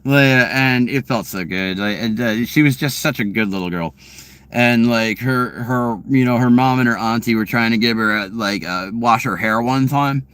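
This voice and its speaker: A man's voice: mid-range voice, normal speed, fairly bright tone, clean tone, dry recording. A man vlogging from his car, telling a casual story in a rambling, profane way full of fillers and restarts.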